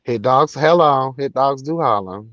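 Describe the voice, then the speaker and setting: A man's voice: medium pitch, lively intonation, measured pace, a bit bright, dry recording, muffled recording. A man hosting a casual livestream, talking in a sassy, profane, dramatic way. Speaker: livestream host reading chat. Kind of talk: casual chat.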